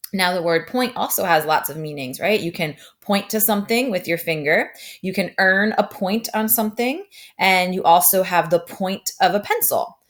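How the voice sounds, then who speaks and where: Patient, upbeat woman teaching phonics. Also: fairly low pitch. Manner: patient, upbeat, frequent "right?" checks. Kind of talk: remote phonics lesson for young children.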